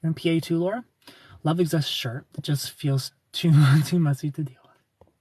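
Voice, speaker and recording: Male livestream host, slightly raised pitch, breathy husky tone, chatty and blunt with viewers. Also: fairly even intonation, normal speed, a little mellow, no echo. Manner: chatty, gives frank relationship advice to viewers by name. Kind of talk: casual livestream chat.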